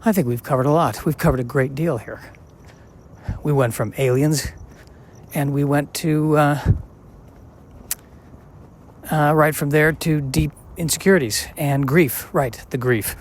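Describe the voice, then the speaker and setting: A man in his forties hosting a podcast, rambling and thinking out loud as he walks outdoors, musing and questioning himself with many halting restarts. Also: a little high, slight background noise. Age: 40s. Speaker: podcast host. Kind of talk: casual rambling monologue while walking outside. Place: outdoors, walking on a sidewalk.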